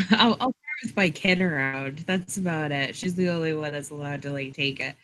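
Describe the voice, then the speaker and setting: A woman co-hosting a podcast, talking in a halting, hesitant way and laughing. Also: deep voice, a bit bright. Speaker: podcast co-host. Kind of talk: casual podcast chat. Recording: faint background noise.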